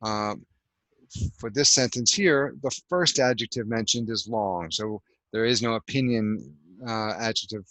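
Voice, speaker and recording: Bright-voiced patient male English teacher. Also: lowish voice, measured pace, no echo, poor audio. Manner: patient, explaining step by step with many fillers. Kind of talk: online language lesson. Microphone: video call.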